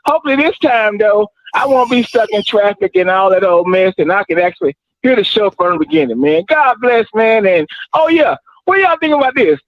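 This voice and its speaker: A man's voice: sits high, lively intonation, fairly quick, few pauses, no room sound. A man calling in to a sports talk show from his car, rambling in an easygoing way. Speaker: caller. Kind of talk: phone call into a talk show. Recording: dull phone line.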